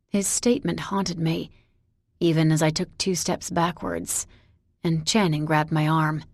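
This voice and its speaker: Slow, measured woman narrating an audiobook. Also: on the low side, fairly even intonation, a little mellow, dry recording, clean studio sound. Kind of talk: first-person audiobook narration.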